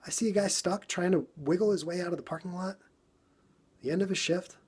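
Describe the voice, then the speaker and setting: Husky man telling a story on a livestream. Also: high-pitched, fairly quick. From New York. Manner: animated, repetitive storytelling that acts out his own frustration. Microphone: phone livestream.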